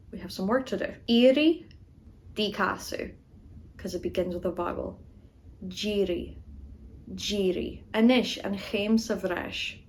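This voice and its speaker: A woman teaching grammar, explaining rules and slowly saying each example word twice for the listener to repeat. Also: mid-range voice, slight background noise, poor audio. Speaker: Irish language teacher. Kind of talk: explaining grammar and modeling pronunciation.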